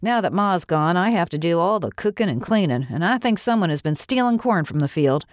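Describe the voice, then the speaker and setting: Woman voicing a gruff old farmer, grumbling. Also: lowish voice, lively intonation, fairly quick, dry recording, studio quality, natural voice. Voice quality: gruff, complaining. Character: gruff grumpy 84-year-old male farmer.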